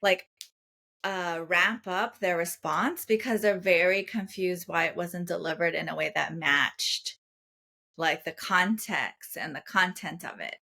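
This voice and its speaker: Calm, soft-spoken lower-voiced woman. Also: unhurried, vocal fry. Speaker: podcast co-host. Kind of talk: casual chat.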